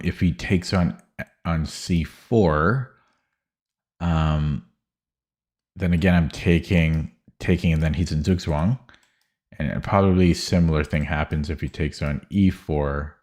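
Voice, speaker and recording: A man's voice: very deep voice, darkish tone. A man streaming chess puzzles, thinking aloud in a hesitant, muttering way with many fillers and restarts.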